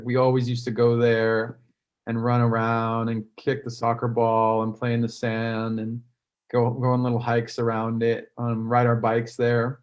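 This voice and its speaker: A man's voice: mid-range voice, lo-fi sound. A man chatting casually on a video call, rambling with many ums and likes. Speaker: musician guest on fan call. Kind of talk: casual chat.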